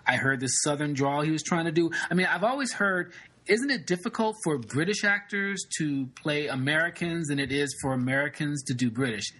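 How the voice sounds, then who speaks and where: A man's voice: fairly high pitch, fairly quick, pushed and bright, rough recording. A man chatting casually about acting, thoughtful and a little hesitant.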